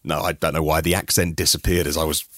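A man's voice: a bass voice, little pitch movement, fast talker, a bit bright, dry recording, studio quality. A middle-aged man from Norfolk, hosting a daily news podcast in a chatty way with personal asides. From Norfolk, England. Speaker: podcast host.

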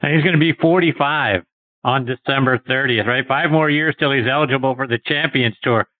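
A man of middle pitch hosts the interview, asking brief, plain questions. His voice sounds tinny and phone-like, with a dry, close sound. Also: a little fast, no echo. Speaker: host.

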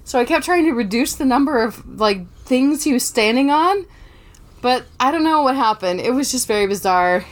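A chatty young woman talks into her podcast mic at home, slightly high-pitched and full of asides and laughter. She speaks casually, going off on tangents about her cat while chatting about movies. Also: animated, normal speed. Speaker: podcast co-host. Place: bedroom at home. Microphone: podcast microphone.

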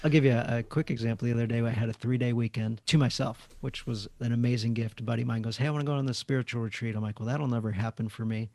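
A man hosting a podcast, telling stories in a lively, friendly conversational way. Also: mid-range voice, very fast, few pauses. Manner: lively storytelling. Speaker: podcast host. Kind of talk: casual chat.

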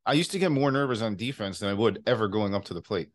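A man's voice: fairly low pitch, expressive, fast. A man co-hosting a podcast, mostly breaking in with short reactions in casual chat. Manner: reacts briefly with short interjections. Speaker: podcast co-host.

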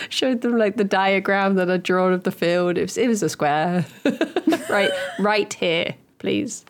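A woman's voice: medium pitch, normal speed. A woman from Hertfordshire, co-hosting a podcast and rambling through stories with lots of giggles. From Hertfordshire, England. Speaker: podcast co-host. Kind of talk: casual chat.

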